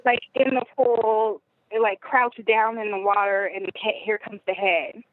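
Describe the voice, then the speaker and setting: A woman's voice: medium pitch, fairly even intonation, measured pace, dry recording. A woman as a podcast guest, telling a personal story in a rambling, conversational way with many fillers. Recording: phone-like narrow audio.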